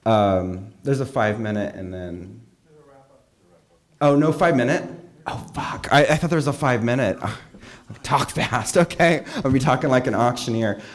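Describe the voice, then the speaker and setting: A man's voice: mid-range voice, animated, a little slow. A young man from California giving a candid, self-mocking personal talk at a meeting, full of fillers and asides. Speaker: meeting speaker. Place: meeting hall.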